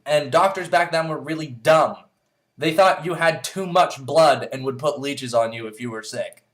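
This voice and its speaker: A man vlogging in a casual monologue, rambling and blunt, swearing freely and filling pauses with "uh" and "um". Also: fairly high pitch, a bit bright. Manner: rambling, blunt and profane, with many fillers.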